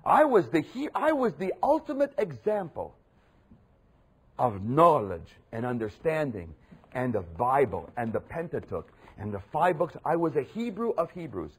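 A man voicing a proud, zealous ancient apostle, boasting in the first person during a sermon, with a husky voice. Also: fairly high pitch, very animated, moderate pace. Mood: boastful.

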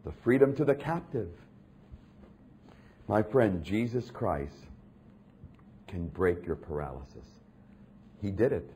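A man preaching a sermon in a dramatic, emphatic way, dropping low and hushed and then building to loud, intense stretches. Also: expressive, slow, pauses often, slight background noise.

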